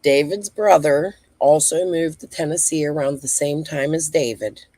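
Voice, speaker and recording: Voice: mid-range voice, moderate pace, warm tone, no echo. A true-crime host giving blunt commentary who explains background and scolds people directly.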